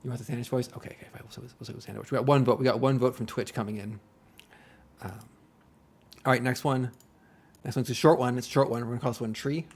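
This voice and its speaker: A man's voice: medium pitch, lively intonation, quick pace, pauses often. A man chatting casually on a live stream, rambling and self-deprecating with joking asides, and faint music playing behind him. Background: faint background music.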